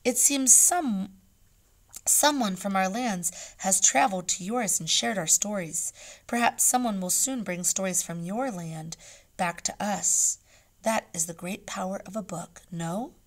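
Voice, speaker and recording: A woman reading as a gentle, dignified caliph. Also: medium pitch, a little slow. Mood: warm. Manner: hushed, gentle, courteous speech. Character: dignified, gracious male caliph, kind and wise. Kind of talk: read-aloud storybook role.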